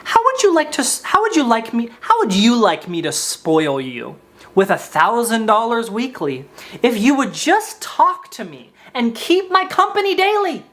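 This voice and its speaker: A man's voice: extremely high pitch, big pitch swings, measured pace, a bit bright, pitched above the performer's own voice, heavily acted. A man putting on a syrupy-sweet sugar daddy. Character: wheedling online sugar daddy, older man.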